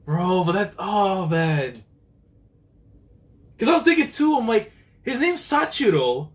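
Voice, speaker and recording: A young man reads a manga chapter aloud and reacts in real time, excitable and slangy, frequently acting out the characters' lines. His voice is high-pitched and his pace slow.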